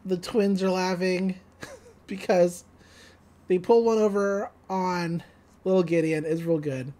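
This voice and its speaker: A woman co-hosting a podcast, casually recapping a cartoon episode, laughing often and slipping into quick voices for the quotes. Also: on the low side. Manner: giggly, animated retelling with quick voices for quotes. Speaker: podcast co-host.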